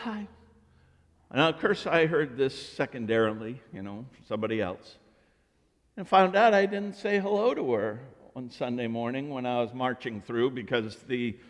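A man preaching as pastor of his church, telling stories and acting out both sides of conversations, with big swings between loud and quiet. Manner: animated storytelling, acting out dialogue with swings of pitch and volume. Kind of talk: sermon. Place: church sanctuary. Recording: long hall reverb.

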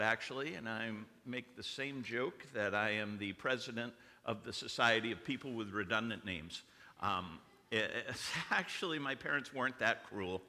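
A man's voice: mid-range voice, sharp tone, big-room sound. A man preaching a sermon as lead pastor, conversational and joking, with frequent restarts.

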